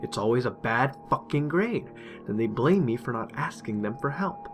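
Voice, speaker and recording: A man reading a dark first-person story aloud, intense and emotional. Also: medium pitch, lively intonation, normal speed. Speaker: narrator. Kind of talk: dramatic horror story reading. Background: faint music.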